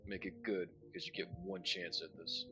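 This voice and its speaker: A man's voice: low-pitched, flat delivery, moderate pace, muffled recording, music in the background, voice pushed down, lightly acted. A man voicing a sinister, theatrical clown showman who calls himself a Duke of Hell, mocking and threatening. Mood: menacing.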